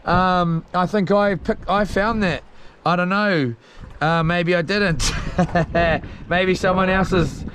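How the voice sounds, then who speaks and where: A man's voice: sits high, fairly even intonation, slow, a bit bright, a little hiss or hum. A young man with a New Zealand accent chatting casually on a live stream from a small boat at sea. He reads out viewer comments in a laid-back, slangy, rambling way with plenty of fillers. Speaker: livestreamer.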